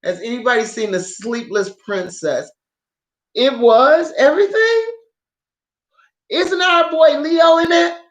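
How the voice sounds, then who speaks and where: Excitable, profane woman vlogger, roomy echo. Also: high voice, slow pace, pauses often. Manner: profane, excitable, laughs often. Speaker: drama review vlogger. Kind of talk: casual unscripted chat to viewers.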